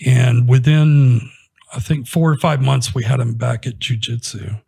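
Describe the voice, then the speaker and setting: In an interview, a man recounts a patient story in a relaxed, animated way, quoting the dialogue along the way. His mid-range voice is gravelly with a breathy edge, and he takes his time.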